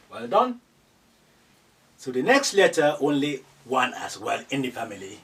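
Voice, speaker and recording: A man teaching letters slowly and patiently, repeating each sound many times. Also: medium pitch. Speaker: Arabic teacher. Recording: somewhat distant from the mic.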